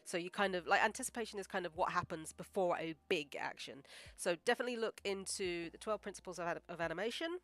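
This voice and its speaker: Woman animator, casual stream chatter, filler-heavy and humble, low voice. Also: fast, a bit bright, dry recording. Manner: rambling, full of "like" and "um"; encouraging and modest. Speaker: animator live-streaming her work. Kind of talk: casual livestream chat while drawing.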